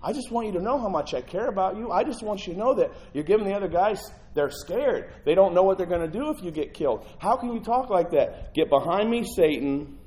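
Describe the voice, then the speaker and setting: A male pastor delivers a sermon in a lively, conversational way. His voice sits a little high and swings between loud bursts and hushed asides. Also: quick pace, few pauses, low-quality recording.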